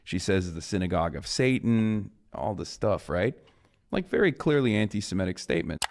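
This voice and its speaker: A man's voice: low-pitched, sing-song, normal speed. A man in a played commentary clip, arguing his point emphatically. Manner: emphatic, argumentative.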